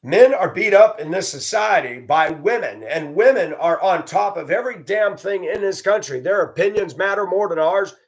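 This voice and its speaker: A man's voice: high voice, expressive, normal speed, hardly any pauses. A man hosting his own video, delivering a blunt, combative, profane rant and mocking others in a raised voice. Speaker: video host. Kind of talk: ranting monologue.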